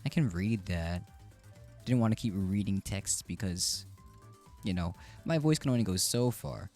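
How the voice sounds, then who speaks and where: Brief: rambling male streamer, lowish voice, faint music underneath. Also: expressive, unhurried, a little mellow. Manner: chatty, rambling, self-interrupting. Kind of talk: casual live-stream reaction.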